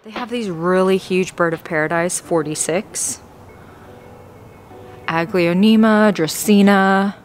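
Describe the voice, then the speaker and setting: A woman's voice: mid-range voice, takes it slowly, long pauses, faint music behind. A woman vlogging a plant shopping trip in a store, gushing and gasping with delight, often dropping to an awed whisper. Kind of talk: excited shopping vlog. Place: big box store garden section.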